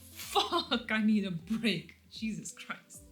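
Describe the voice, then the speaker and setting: A woman's voice: fairly high pitch, sing-song, very slow, sharp tone, soft background music. A woman telling an emotional story-time rant, rambling and full of restarts, with bitter laughter breaking through her anger. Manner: rambling, restarts often, lots of "like" and "you know". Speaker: vlogger.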